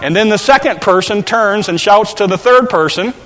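A male preacher tells a story in a sermon and shouts out the characters' calls with volunteers beside him. His voice is bright and forceful and sits a little high. It rings with the long reverb of a large hall. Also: moderate pace. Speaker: pastor.

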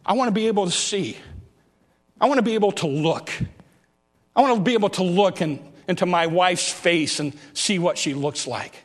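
A man's voice: sits high, normal speed. A male preacher acting out a desperate blind beggar who pleads urgently in a sermon. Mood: longing. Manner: pleading, urgent, repeating himself.

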